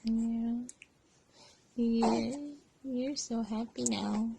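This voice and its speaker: A woman as a mother talking to her baby in gentle, sing-song baby talk at home. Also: fairly high pitch, level tone, very slow, creaky, background noise.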